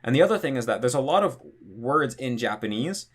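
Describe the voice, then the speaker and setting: Relaxed man explaining step by step. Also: mid-range voice, fairly quick, husky. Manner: relaxed, thinking aloud with frequent fillers. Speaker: language teacher. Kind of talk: explanatory tutorial.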